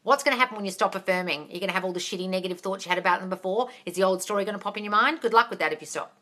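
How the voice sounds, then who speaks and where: Woman host, livestream Q&A, bright tone, blunt and affectionate, reads comments out loud. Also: mid-range voice, racing. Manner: reads viewer comments aloud and answers bluntly, with frequent swearing; affectionate, calls viewers darling. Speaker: manifestation coach answering live viewer questions. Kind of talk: casual livestream Q&A.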